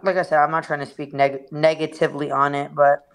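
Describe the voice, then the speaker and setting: A laid-back woman on a gossip podcast chats in loose slang. Her voice sits a little low. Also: flat delivery, fairly quick. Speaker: podcast co-host. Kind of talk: casual chat.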